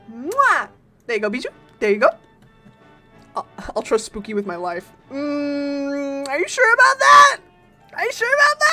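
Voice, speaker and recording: A woman with a rather high, fairly bright voice streams a game and chats casually with her audience. She says hello to viewers and teases them playfully in quick bursts.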